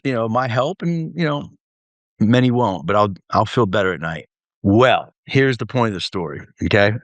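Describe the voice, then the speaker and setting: A man's voice: medium pitch, no room sound. A middle-aged man telling a long story in an interview, acting out the voices of the people he quotes. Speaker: podcast guest.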